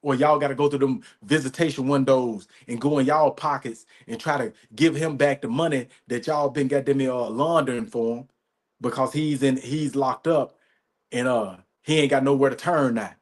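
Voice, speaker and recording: A podcast host ranting in an emphatic, profane, repetitive way, often asking "you know what I'm saying". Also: male voice, mid-range voice, steady tone, moderate pace. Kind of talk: profane commentary rant.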